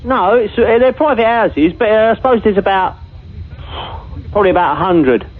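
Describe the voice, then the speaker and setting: A man's voice: sits high, normal speed. A man from Hertfordshire calling a radio show, earnest and hesitant as he muses on his neighbours. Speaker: caller. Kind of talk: phone-in chat. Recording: tinny phone line.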